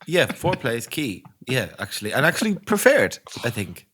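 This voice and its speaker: A man's voice: medium pitch, big pitch swings, brisk, a bit bright, breathy edge. Irish man bantering ironically. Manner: ironic, mock-apologetic banter. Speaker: podcast co-host. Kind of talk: comedic casual chat.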